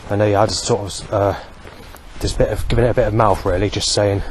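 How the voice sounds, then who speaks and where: Brief: low-voiced man, rambling vlog monologue, faint street noise behind. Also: steady tone, brisk. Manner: rambling, with many fillers. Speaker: vlogger. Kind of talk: walking monologue. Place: outdoors on a street.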